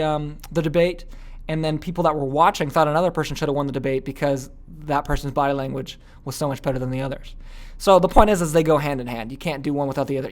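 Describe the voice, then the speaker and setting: A man teaching an online course in a casual, chatty way, full of fillers and frequent "okay?" asides. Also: fairly high pitch. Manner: acts out little quoted scenes.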